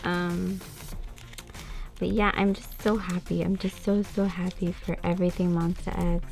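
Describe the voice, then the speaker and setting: Gushing young woman in slow casual chat. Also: medium pitch, vocal fry. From United States. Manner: chatty and gushing, with laughs and excited gasps. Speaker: vlogger.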